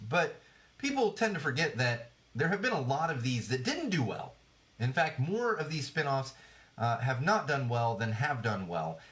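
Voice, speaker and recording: A man's voice: mid-range voice, fairly bright tone. A man in his thirties hosting a podcast, rambling casually and sarcastically about TV trends with lots of fillers and restarts. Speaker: podcast host. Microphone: podcast microphone.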